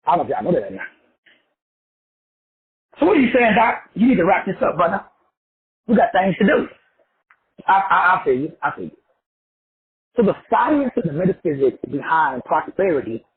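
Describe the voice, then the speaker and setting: A man giving a rambling, profane motivational talk with a street-preacher cadence. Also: high-pitched. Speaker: motivational speaker. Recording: tinny phone-like audio with faint background noise.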